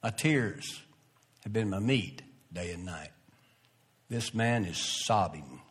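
A man preaching a sermon in a slow, earnest way, rising in pitch and force at emphatic moments, often restarting his phrases. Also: animated, husky. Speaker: pastor.

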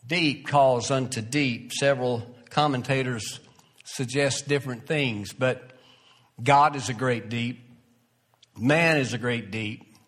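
Male pastor preaching a sermon, unhurried, mid-pitched voice, earnest and building. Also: a bit bright.

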